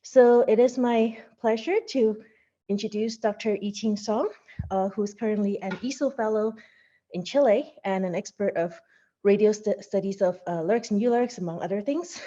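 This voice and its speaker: A woman's voice: mid-range voice, normal speed, mellow, muffled recording. A woman hosting an online seminar, out of breath as she introduces the speaker with fillers and a light joke. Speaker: seminar host. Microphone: video call.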